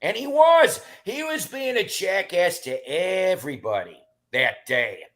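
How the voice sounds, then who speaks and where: In a high-pitched voice and at a slightly slow pace, a middle-aged man meanders through casual chat stories. He keeps restarting and leans on lots of fillers, staying animated throughout.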